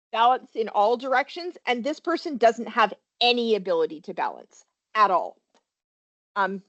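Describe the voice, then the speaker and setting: Woman, safety trainer, webinar presentation, fairly high voice, lively swooping delivery, quizzes listeners, dull lo-fi sound. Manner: animated, quizzes listeners with questions.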